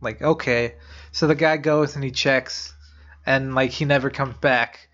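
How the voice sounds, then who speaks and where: A man's voice: medium pitch, steady tone, unhurried, fairly bright tone. A young man co-hosting a podcast, casually retelling urban legends in a rambling way with lots of fillers and blunt swearing. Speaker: podcast co-host. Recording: dull lo-fi podcast audio.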